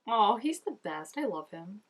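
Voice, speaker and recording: A woman's voice: medium pitch, sing-song, a little slow. A young woman hosting a casual reaction video, chatting emotionally and talking back to the screen.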